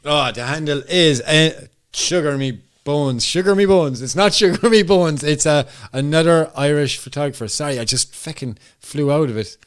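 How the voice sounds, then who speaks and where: A man's voice: a little high, moderate pace, few pauses, clear, resonant tone. A man with a Cork accent co-hosting a podcast, joking and bantering. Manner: jokey, laughing, banter. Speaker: podcast co-host. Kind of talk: casual chat.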